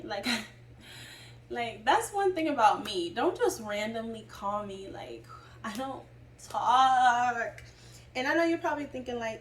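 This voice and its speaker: Young woman, storytime vlog, rambling and chatty, fairly high voice, echoey room, off-mic. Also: a little slow, a bit bright, distant mic. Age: young adult. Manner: chatty, rambling, full of "like" and asides. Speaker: vlogger. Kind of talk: casual storytime. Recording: roomy, away from mic, faint noise.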